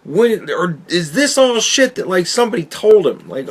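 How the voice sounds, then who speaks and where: A man's voice: sits high, big pitch swings, normal speed. A man hosting a podcast, ranting in a casual and profane way, with exasperated outbursts and laughs. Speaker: podcast host reviewing a book.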